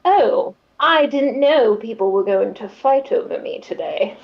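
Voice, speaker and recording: A sly masked swordsman, as a woman puts him on in a tabletop game, taunting softly in a near-whisper. The voice sits high for a man and comes through a dull, lo-fi mic. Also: animated, a little slow, gravelly. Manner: soft, mocking, whispery.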